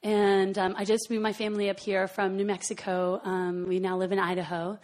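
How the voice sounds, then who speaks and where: A woman voicing a tall, barrel-chested man doctor in a calm, earnest tone. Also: mid-range voice, brisk, voice pushed down, lightly acted.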